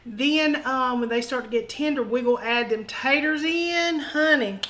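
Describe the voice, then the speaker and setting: A woman's voice: high voice, normal speed, fairly bright tone, low-quality recording. A woman hosting a home cooking show, talking in a folksy, joking way and calling viewers honey. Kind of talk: casual cooking demonstration. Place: home kitchen.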